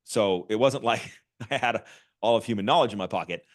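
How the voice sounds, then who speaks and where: Middle-aged male guest, low voice, lively and restless delivery with many restarts. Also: brisk. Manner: animated, restarts often with repeated words. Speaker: podcast guest, author and marketing executive. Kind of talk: casual interview talk.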